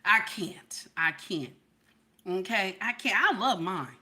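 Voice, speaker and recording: Animated, bright-voiced woman chatting with viewers. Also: medium pitch, slow. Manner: animated and playful, repeating herself with frequent "okay?"; laughs often. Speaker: livestream host. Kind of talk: casual livestream chat with viewers.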